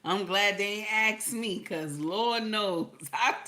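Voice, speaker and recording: A woman with speech hosting a casual livestream, reading chat messages aloud and reacting with loud, laughing commentary. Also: medium pitch, takes it slowly. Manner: animated, laughing, talks back to chat.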